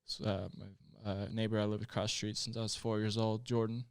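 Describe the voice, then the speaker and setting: A man's voice: lowish voice, flat delivery, a little fast, clean tone, no room sound, studio quality. Candid, plainspoken man in his late twenties. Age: late 20s. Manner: candid and plainspoken, with frequent swearing and fillers. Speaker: podcast guest. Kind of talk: personal storytelling in casual conversation.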